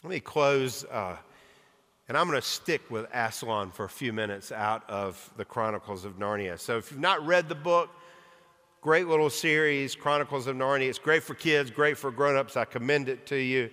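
A man's voice: medium pitch, moderate pace, sharp tone. A male pastor preaching an earnest sermon with rhythmic, emphatic lists. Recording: long reverb of a large hall.

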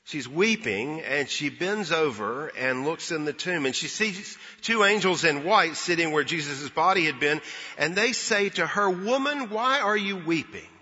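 A man preaching an Easter sermon as pastor, retelling a story earnestly and pausing for emphasis. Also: on the high side, expressive, sharp tone, breathy edge. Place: church sanctuary. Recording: dull lo-fi with long hall reverb.

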